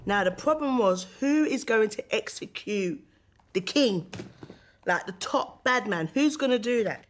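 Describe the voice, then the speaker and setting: A woman, drunkenly retelling history with slang and lively comic character voices. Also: a little high, measured pace, slight background noise. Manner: animated, swings into shouty character voices. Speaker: drunk storyteller. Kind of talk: tipsy comic storytelling in London slang.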